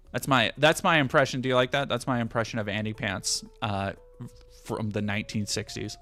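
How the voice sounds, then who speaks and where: A man's voice: medium pitch, fairly quick, sharp tone, faint music behind. A man streaming a game and commenting in a sarcastic, ranting, profane tone.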